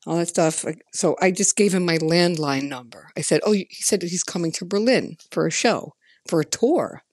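A woman with a deep, low-pitched voice hosts her own podcast. She tells a long personal story in a casual, chatty way and stresses her points firmly. The sound is dry and close, with no room echo. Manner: chatty, emphatic, animated quoting of others. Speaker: podcast host.

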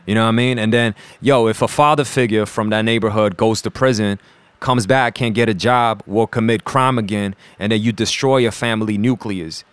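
A man's voice: fairly low pitch, steady tone, moderate pace, smooth, no room sound. A young man in casual podcast chat, talking in a slangy, emphatic way and saying "you know what I'm saying" often.

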